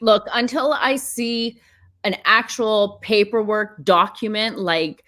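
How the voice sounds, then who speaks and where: A woman's voice: medium pitch, fairly even intonation, takes it slowly, fairly bright tone. A woman speaking as a guest in a casual live-stream chat, blunt and emphatic.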